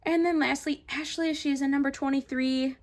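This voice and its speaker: A young woman chatting casually in a vlog, showing her doll collection, full of ums and likes, sometimes dropping to a soft whisper. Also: high voice, steady tone, a little fast. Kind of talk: casual show-and-tell vlog.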